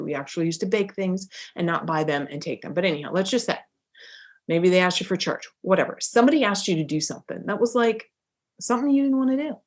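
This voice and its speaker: A middle-aged woman giving a motivational talk as a life coach, emphatic and animated, often acting out little bits of dialogue. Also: sits low.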